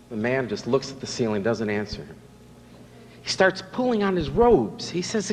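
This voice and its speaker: A man acting as master of ceremonies at a banquet, telling jokes with relaxed, easy pacing. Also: mid-range voice, normal speed, big-room sound, a little hiss or hum. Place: banquet hall.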